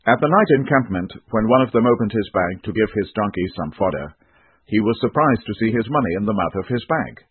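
A man reads scripture aloud in a measured, solemn way. His voice is low and husky, with a lively rise and fall. The sound is tinny and phone-like, with no room echo. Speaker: narrator. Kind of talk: scripture reading. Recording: tinny phone-like dry recording.

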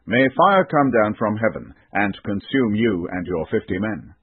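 A man voicing a stern male prophet who pronounces doom in a solemn, measured way. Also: on the low side, very animated, breathy edge, dry recording, exaggerated voice. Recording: tinny band-limited recording.

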